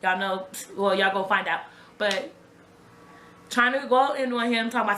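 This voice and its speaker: A woman's voice: mid-range voice, normal speed, fairly bright tone, roomy sound, a little hiss or hum. A young woman recounting a personal story to her viewers in a casual, conversational way, often repeating herself. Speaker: vlogger telling her own story. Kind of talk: raw personal storytelling to camera.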